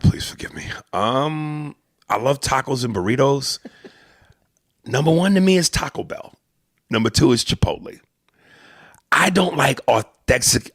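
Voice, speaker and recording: Male comedian-host, gravelly and animated, casual profane banter. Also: medium pitch, no echo, studio quality. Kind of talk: casual comedic podcast chat.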